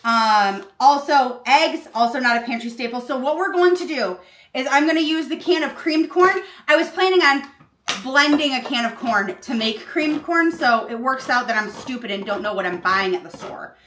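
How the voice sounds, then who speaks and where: High, bright, aggressive woman cooking host. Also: normal speed, reverberant, a little hiss or hum. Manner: aggressive, deadpan complaining. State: panicking, uncomfortable in a costume. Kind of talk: comedic cooking tutorial. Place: home kitchen.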